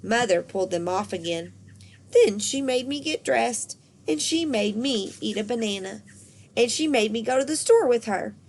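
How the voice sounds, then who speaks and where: A woman reading a children's storybook aloud, lively and expressive. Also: fairly high pitch, normal speed.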